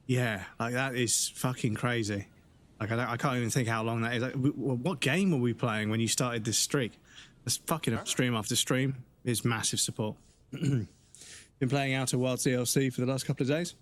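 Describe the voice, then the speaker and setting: A man streaming live, chatting casually and rambling, swearing freely, his throat slightly rough and dry. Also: mid-range voice.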